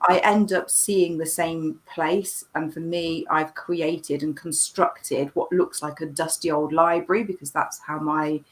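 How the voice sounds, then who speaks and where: A woman who is a spiritual teacher and tarot reader, a chatty podcast guest who laughs easily and describes things at length. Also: low voice. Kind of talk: casual podcast chat.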